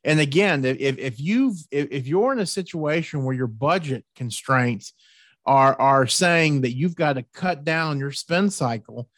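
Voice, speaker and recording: A man's voice: fairly high pitch, lively intonation, a little slow, a bit bright, no echo, clean studio sound. A man hosting a hunting show, talking in a folksy, repetitive, pushy way. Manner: folksy, repeats words, pushy about tips. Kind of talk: casual podcast chat.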